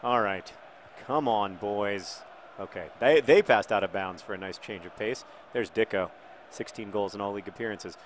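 A middle-aged man commentating on his own football video game, jokey and excitable, breaking into shouts at big moments. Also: on the low side, normal speed, slight background noise.

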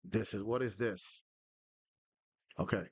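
A man's voice: on the low side, steady tone, slow, husky, no echo. A man hosting a gaming podcast, giving casual live commentary on his football management game in terse name calls and frustrated curses. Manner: terse, calls out player names, swears when frustrated.

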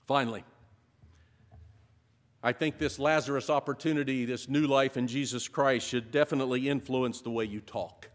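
A male pastor preaching a sermon, building to emphatic repeated phrases and then dropping to a soft close. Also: medium pitch, normal speed. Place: church sanctuary. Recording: long reverb of a large hall.

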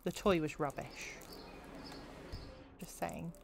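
A woman's voice: sits low, steady tone, slow, creaky, background noise. A young woman streaming a video game, chatting and giggling with her viewers as she plays. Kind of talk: casual gameplay commentary.

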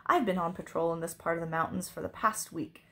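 A woman's voice: lowish voice, fairly even intonation, fairly quick, fairly bright tone. A woman voicing a nasty, gleeful male dragon who taunts and sniffs. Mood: taunting.

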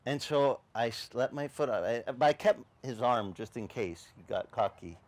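Animated storytelling male pastor. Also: normal speed. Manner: animated storyteller, acting out voices with big pitch swings. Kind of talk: storytelling sermon. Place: beach service outdoors.

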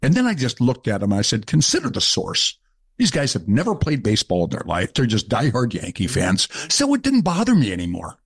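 A man's voice: medium pitch, fairly quick, breathy edge. Older man telling baseball stories. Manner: animated storyteller, acts out shouted quotes. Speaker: guest, former ballplayer. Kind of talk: casual storytelling.

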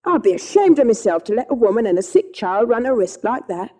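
A woman voicing a good-hearted cab driver in a storybook, plain-spoken and steady. He is firm when refusing and gentle when comforting, with a mellow, low warmth. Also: a little fast. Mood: kindly. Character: kindly, devout middle-aged London cab driver, man.

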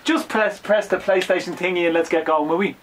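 Fast-talking Irish man explaining a game. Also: sits high, fairly bright tone, slight background noise. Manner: rapid, chatty explaining. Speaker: host. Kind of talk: casual gameplay chat.

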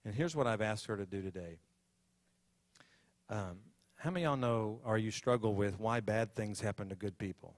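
A man's voice: fairly low pitch, normal speed, no room sound. A man, a pastor introducing a guest speaker and praying over her with rising fervor. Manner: fervent, rising prayer. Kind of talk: sermon introduction and prayer. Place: church sanctuary.

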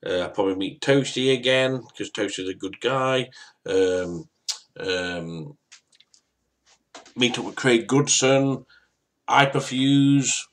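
A man's voice: mid-range voice, a bit bright. A man talking casually to his viewers, rambling and stammering, repeating himself often. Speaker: YouTuber. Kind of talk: casual vlog to camera.

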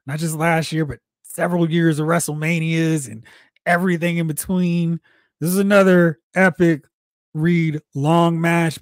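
High-voiced, excitable man in casual chat. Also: no room sound, clean studio sound. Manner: animated, acts out quotes with big pitch jumps; enthusiastic, a lot of rambling play-by-play. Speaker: co-host of a review podcast.

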